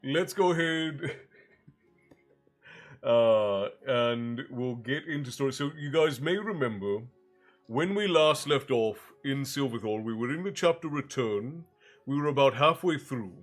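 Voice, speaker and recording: A man hosts a storytelling livestream with a stuffy, congested voice, sitting at a middling pitch. He rambles, restarts his phrases and greets viewers by name. Faint music plays beneath him. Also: expressive, unhurried. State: congested, low on breath. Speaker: stream host and storyteller. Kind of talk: casual chat with a live chat, then reading a fantasy novel aloud. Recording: soft music underneath.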